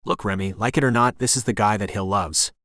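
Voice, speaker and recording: A blunt young woman, bossy and out of patience, as a male narrator reads her, spoken in a lowish, even voice. The delivery is sharp and clipped. The recording is close and dry. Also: fairly quick, no echo, lightly acted. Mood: exasperated. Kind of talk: audiobook character voice.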